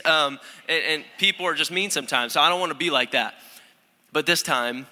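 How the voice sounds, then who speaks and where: A man's voice: a little high, a little fast, pushed and bright. A young man, a student pastor, preaching a casual, self-deprecating sermon in a church while stuffed up with allergies. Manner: chatty, self-deprecating, lots of restarts. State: congested, stopped-up nose. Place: church sanctuary. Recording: long hall reverb.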